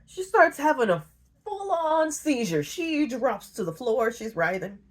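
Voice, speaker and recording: A woman casually retelling a novel, slangy and joking, briefly acting out the characters' lines in quick voices. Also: sits high, sing-song. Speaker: book retelling video host. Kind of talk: casual comedic story retelling.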